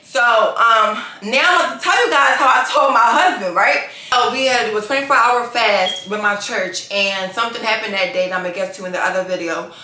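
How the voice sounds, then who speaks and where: A woman vlogger telling her story in a chatty, animated way, with slangy asides. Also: a little high, a little fast, few pauses, slight background noise. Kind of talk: casual storytelling vlog. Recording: echoey room.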